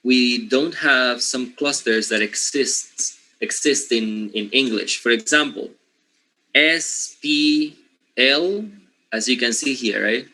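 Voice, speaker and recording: A man's voice: medium pitch, takes it slowly, sharp tone, low-quality recording. Spanish-speaking man teaching a class. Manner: asks questions, repeats words for emphasis. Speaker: linguistics teacher. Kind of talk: classroom lecture.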